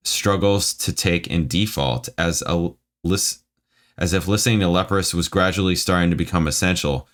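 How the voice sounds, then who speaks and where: Man, very low voice, casual reaction host, blunt and offhand. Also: a bit bright. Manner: blunt, offhand, reads text aloud and comments.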